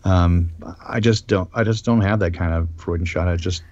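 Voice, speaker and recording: A man's voice: low voice, normal speed, darkish tone, muffled recording. A man hosting a casual live-stream discussion, talking with many ums and restarts. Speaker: host.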